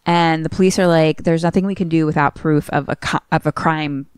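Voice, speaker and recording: Low-voiced woman, animated retelling. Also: fairly quick, clear, resonant tone, no echo, clean studio sound. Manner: animated retelling, acting out characters' lines. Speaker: podcast co-host retelling a film. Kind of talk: casual chat.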